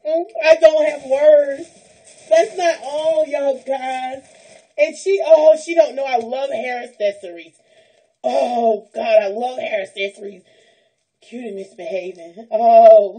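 High-voiced lady unboxing gifts, mellow tone, squealing, near tears, praising the lord. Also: slow pace, rough recording. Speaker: vlogger opening a gift package. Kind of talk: unboxing vlog, emotional chat.

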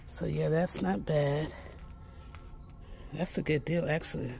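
A man's voice: on the high side, steady tone, normal speed, vocal fry, dark tone. A man giving a casual shopping walkthrough inside a pharmacy store, chatty and correcting himself as he repeats the prices. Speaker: shopping vlogger.

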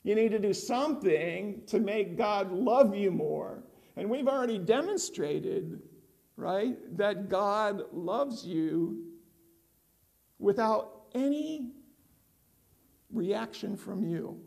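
A man's voice: sits high, lively intonation, slow pace, vocal fry, darkish tone. An older man preaching a conversational sermon as pastor, often asking the congregation questions.

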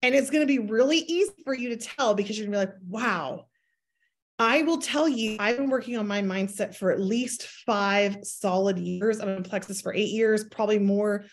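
A woman's voice: medium pitch, brisk, few pauses. A woman in her thirties giving a motivational talk to her sales team, acting out inner voices in quoted asides. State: pregnant, near her due date. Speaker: network marketing team leader.

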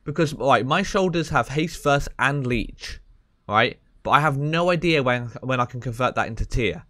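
Chatty young man, bright voice. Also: medium pitch, normal speed, no room sound, studio quality. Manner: chatty and excitable, full of fillers and "man". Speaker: gaming video creator. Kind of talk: casual gameplay commentary.

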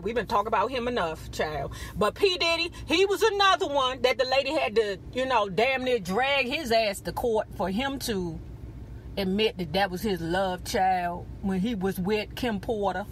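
A woman's voice: a little high, expressive, normal speed, fairly bright tone, a little hiss or hum. A woman hosting a casual celebrity gossip vlog, talking in a sassy, profane way. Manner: sassy and profane, with frequent "child" and "baby". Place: not on camera, audio-only.

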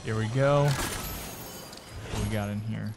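A man hosting a gaming video, commentating his play, yelping and repeating words in fast bursts when in danger and chatting to himself and the viewer while looting. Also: on the low side, creaky, background noise. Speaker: gaming channel host. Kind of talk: excited gameplay commentary.

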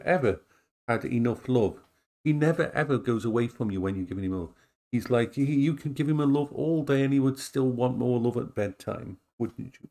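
A man's voice: medium pitch, gravelly, mellow. A middle-aged man in casual chat at home, rambling and playful, recorded on a tablet camera. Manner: rambling, playful, talks to his dogs in a cooing voice. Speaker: vlogger. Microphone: tablet as action cam.

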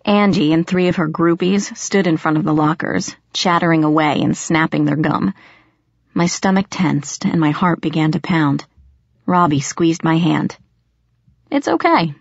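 Low-voiced woman narrating an audiobook. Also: normal speed, vocal fry, no room sound, lo-fi sound. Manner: steady, expressive storytelling. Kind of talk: first-person audiobook narration.

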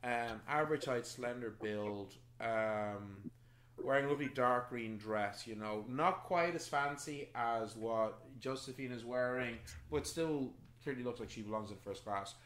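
A man narrating a tabletop game as game master, pausing often with ums as he describes scenes. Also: medium pitch, a bit bright, roomy sound. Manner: hesitant, many ums while describing scenes.

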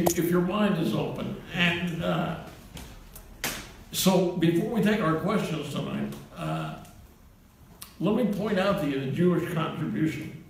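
A comedian in his eighties tells a rambling string of anecdotes to a live audience, chuckling at his own punchlines. His voice is a little high, sing-song, somewhat slow and creaky. The recording is roomy, from a distant mic, with faint hiss.

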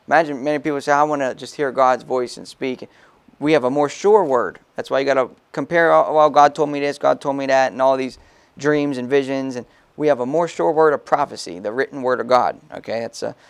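A male pastor preaching a sermon in a relaxed, talkative way, stopping to read scripture aloud and adding quick asides. His voice sits at a middle pitch. The recording is dry and close, with little room sound. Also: no room sound. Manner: casual preaching, reads scripture aloud, frequent "okay?" asides. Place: church.

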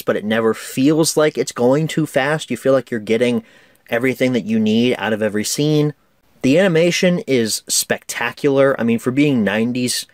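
A man's voice: medium pitch, no room sound, clean studio sound. A man giving a casual, chatty film review, enthusiastic and laughing often.

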